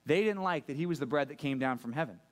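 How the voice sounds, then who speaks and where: A man's voice: on the high side, expressive, fast talker. A man preaching a sermon as pastor, conversational and joking, asking the room questions. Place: church room with a live audience.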